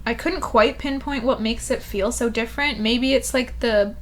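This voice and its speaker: A woman co-hosting a casual book podcast, excitable and quick to laugh, swearing freely as she gushes about what she read. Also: fairly high pitch, a little hiss or hum. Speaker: podcast co-host. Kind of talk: casual book-club chat.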